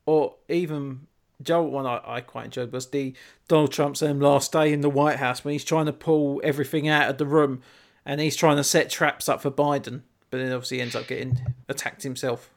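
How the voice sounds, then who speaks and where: A man in casual podcast chat, animated and swearing freely. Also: medium pitch, normal speed, gravelly.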